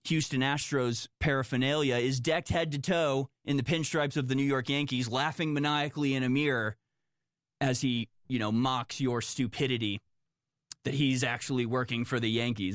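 A man's voice: mid-range voice, steady tone, normal speed, no echo, studio quality. A man commenting on the news, reading reports aloud and reacting in a sarcastic, exasperated, rambling way. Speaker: political commentator.

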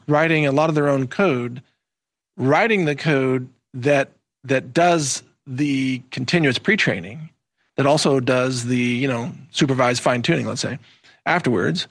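A man with a fairly high voice delivers a rambling, emphatic monologue as a guest commentator. He speaks straight to his viewers and keeps calling them "folks". The sound is dry and close, with no room echo. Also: fairly bright tone.

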